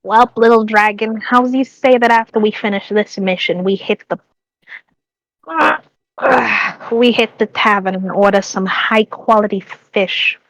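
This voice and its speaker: A woman's voice: mid-range voice, fairly even intonation, measured pace, fairly bright tone, no room sound, rough recording. A woman playing a tabletop game, breezy and playful. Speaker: player. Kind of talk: casual tabletop play.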